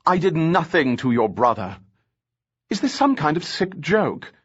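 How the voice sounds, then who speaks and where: Male reader doing sarcastic heroine, lifted pitch, lo-fi sound. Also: big pitch swings, a little slow, slightly rough, exaggerated voice. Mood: defiant. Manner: biting, sarcastic. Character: sharp-tongued, defiant young woman captive.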